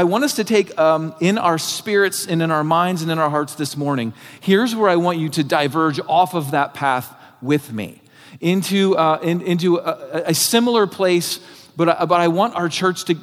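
A man preaching a sermon as pastor, earnest and conversational, often filling pauses with "like". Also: fairly high pitch. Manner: conversational, earnest, many filler "like"s. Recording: long hall reverb.

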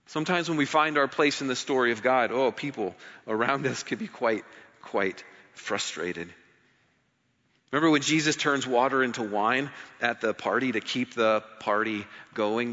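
A man preaching a sermon in an animated, conversational way, in a church hall. The recording is dull, with long hall reverb. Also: mid-range voice, normal speed. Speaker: pastor.

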